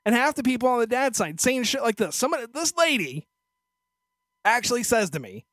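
A man's voice: extremely high pitch, animated, a little fast, a bit bright, no echo. A male podcast host telling a story in a crude, profane, sarcastic rant into a studio microphone. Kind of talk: casual ranting storytelling.

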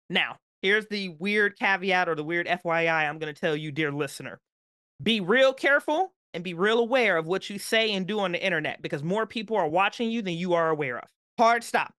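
A woman guest on a podcast, telling a story in an animated, emphatic way with playful asides. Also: mid-range voice, no room sound, clean studio sound.

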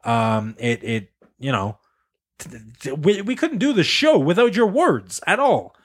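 A man hosting a casual comedy podcast, playful and quick to giggle. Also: a little high, very animated. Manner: giggly and playful, laughs often. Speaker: podcast host.

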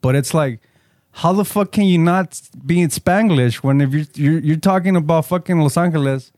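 A man's voice: fairly high pitch, normal speed, a little mellow, no room sound, studio quality. Rambling, profane man. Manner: profane, rambling, mixes Spanish slang into English. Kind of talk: casual chat.

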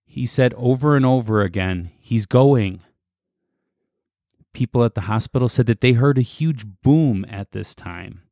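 A man's voice: medium pitch, moderate pace, a little mellow, dry recording, clean studio sound. A man co-hosting a podcast, casually recounting a story with fillers and laughs. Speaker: podcast co-host.

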